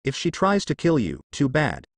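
A man's voice: on the high side, wildly swooping pitch, moderate pace, no room sound, studio quality, full character voice. A man voicing a stern, ruthless old male village elder in a fan story reading, curt and commanding.

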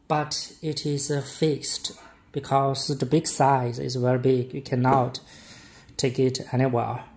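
A man walks through a product demonstration in broken, simple English. His delivery is slow and unhurried, and his pitch stays flat and even as he pieces together short, halting phrases. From China.

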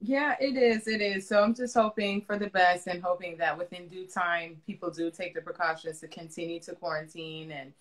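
Hosting a casual interview over video call, a Floridian woman with a Caribbean accent talks in a chatty way full of fillers and restarts. Her lowish voice stays steady at a moderate pace with hardly any pauses.

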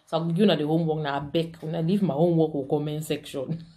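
A woman's voice: deep voice, fairly even intonation, very fast, mellow. A woman from Cameroon with a Cameroonian Pidgin English accent, hosting a casual vlog and chatting to her viewers, laughing often and switching between pidgin and English. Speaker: vlog host.

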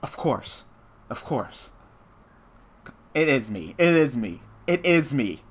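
A man's voice: mid-range voice, very animated, slow, husky. A man commentating a card game he is playing, swearing nonstop and raging at his luck. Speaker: gameplay commentator.

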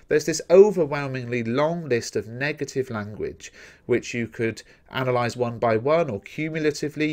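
English male teacher, mid-pitched, methodical, talks to viewers in a recorded revision lesson. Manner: steady, methodical explaining, addressing viewers directly.

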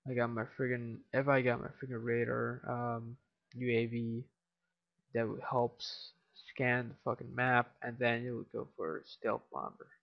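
Tired teen male gamer doing casual commentary, gravelly voice, cursing often, dull lo-fi mic. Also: medium pitch. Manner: tired, mumbling, swears a lot. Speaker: gameplay commentator.

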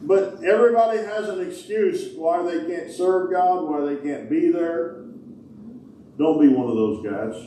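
Male pastor, folksy joking sermon delivery, mellow tone, heard from a distance in a big echoing sanctuary. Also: a little high, a little slow, slight background noise. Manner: folksy, joking preacher with Southern-style grammar. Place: large church sanctuary. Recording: echoey hall, distant mic.

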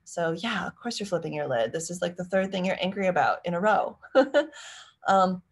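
Low, gravelly woman coaching parents. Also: fairly quick. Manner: chatty and warm, acts out parent and child lines. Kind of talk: live-stream Q&A.

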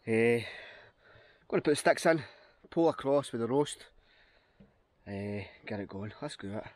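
This Scottish vlogger chats casually to the camera among the trees, upbeat and thinking out loud. His medium-pitched voice has lively intonation, a measured pace and a slightly mellow quality, on a dry recording.

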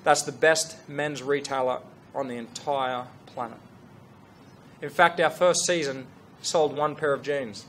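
A middle-aged man tells a story to an audience, earnest and animated, with frequent restarts. His voice sits in a middle register. A faint hum runs underneath. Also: mid-range voice, unhurried. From Australia. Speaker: fashion brand founder.

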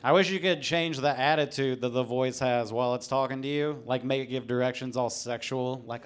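A man's voice: medium pitch, steady tone, brisk, few pauses, clear, resonant tone. A man performing a live stand-up comedy set on stage, talking in an offhand, dry way and breaking into silly voices. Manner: offhand, dry delivery broken by sudden silly put-on voices. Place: comedy stage before a live studio audience. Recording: audience laughter behind. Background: crowd laughing.

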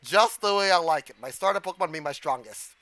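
A man streaming a game live, giving excitable commentary, gasping, shouting and swearing at the screen. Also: fairly high pitch, fast talker, dry recording.

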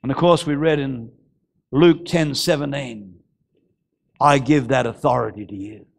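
A male pastor, preaching a fervent sermon that bursts into shouting. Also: medium pitch, unhurried, vocal fry. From Australia.

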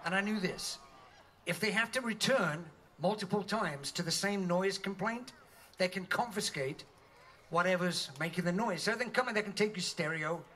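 Male band member, high bright voice; wry storyteller on an outdoor stage. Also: normal speed.

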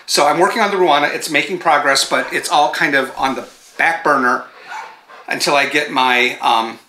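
Male knitting-show host, chatty and rambling, very bright, sharp tone, echoey room at home. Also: fairly high pitch, normal speed, a little hiss or hum. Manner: chatty and digressive, breaks off to talk to his dogs. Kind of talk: casual chat to camera. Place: home with dogs around.

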